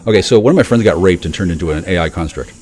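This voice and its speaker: Fast, animated man ranting profanely. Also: deep voice. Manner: profane, rapid, repetitive restarts. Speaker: livestream panel guest. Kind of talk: rambling conspiratorial monologue.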